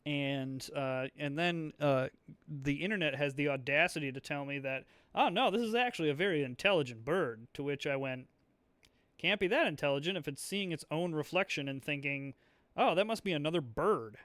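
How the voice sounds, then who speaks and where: A man's voice: fairly high pitch, expressive, normal speed, a bit bright, no echo. A young man hosting a board game video, rambling chattily through his moves, with lots of fillers and restarts. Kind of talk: casual thinking-aloud play commentary.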